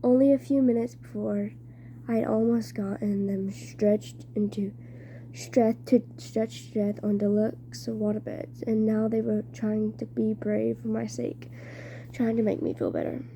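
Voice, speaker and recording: Woman reading a novel out loud, super slow, stumbles a lot, dark mellow voice, faint hum behind. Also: mid-range voice. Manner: slow, with frequent stumbles and restarts. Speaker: reader.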